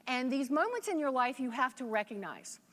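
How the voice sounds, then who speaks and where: A woman from Virginia delivers a motivational keynote, spinning folksy, joking stories. Her voice sits a little high and rings bright and forceful. The sound carries the long echo of a big conference hall. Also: big pitch swings, brisk. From Virginia, USA. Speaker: motivational speaker.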